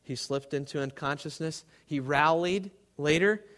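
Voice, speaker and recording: A man preaching a sermon to a live congregation, swinging between loud emphasis and hushed, quiet tones. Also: fairly high pitch, a little slow.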